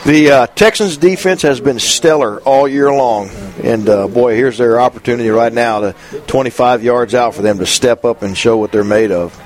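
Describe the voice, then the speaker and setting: A man with a voice of middle pitch gives color commentary from the press box. He talks slowly and easily, with plenty of fillers and small chuckles as he explains each play. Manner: relaxed, drawn-out analysis with many fillers and chuckles. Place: press box above the field.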